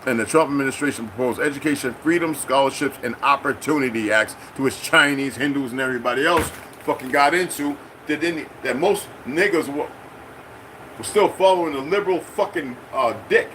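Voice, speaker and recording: Hosting his own channel, a middle-aged man delivers an off-the-cuff political rant at a fairly quick clip, his medium-pitched voice a bit bright. He swears, picks fights, and mimics others when quoting them. Slight hiss or hum is audible.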